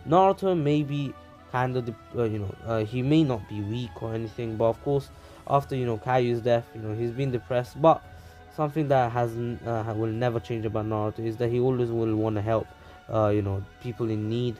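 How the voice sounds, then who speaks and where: A man's voice: medium pitch, a little fast, warm tone, soft background music. A man casually narrating a fan story, rambling with many fillers.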